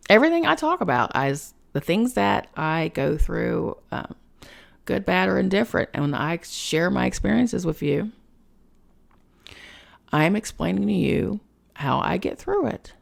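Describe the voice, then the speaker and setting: Gravelly-voiced woman hosting a spiritual podcast. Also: fairly low pitch, sing-song, measured pace. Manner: frank and emotional, swears freely, chatty with many fillers. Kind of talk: candid personal monologue.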